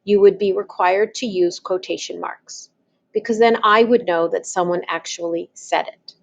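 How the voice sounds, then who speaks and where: A woman's voice: fairly low pitch, fairly even intonation, normal speed, vocal fry, lo-fi sound. A woman teaching, talking patiently and spelling things out step by step. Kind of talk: slow, deliberate classroom explanation.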